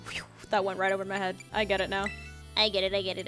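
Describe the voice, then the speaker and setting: While playing, a twenty-something female streamer reads chat and jokes sarcastically with her audience, giggling frequently. Her medium-pitched delivery is monotone, fast, pushed, and bright, over faint house music.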